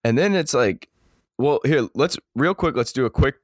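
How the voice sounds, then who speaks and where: A man's voice: mid-range voice, lively intonation, normal speed, slight background noise. A man hosting a podcast in casual chat, rambling and laughing often. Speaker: podcast host.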